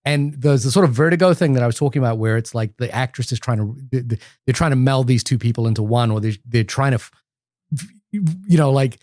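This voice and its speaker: A man's voice: mid-range voice, a little fast, a little mellow, no room sound, clean studio sound. A man co-hosting a film podcast, talking in a rambling, enthusiastic way with many restarts. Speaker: podcast co-host. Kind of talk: casual film discussion.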